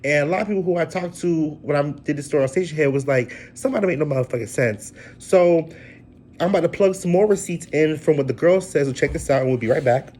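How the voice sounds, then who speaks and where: A man's voice: on the high side, quick pace, darkish tone. Blunt, rambling man hosting a commentary vlog. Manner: blunt, profane, rambling with many fillers. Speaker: vlog host. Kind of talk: casual commentary.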